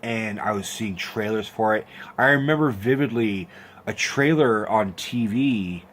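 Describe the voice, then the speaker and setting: A young man telling a story in a casual, animated, profane rant, acting out quotes with squeaky voices. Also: a little slow, a little hiss or hum. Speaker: host of a horror film rant channel.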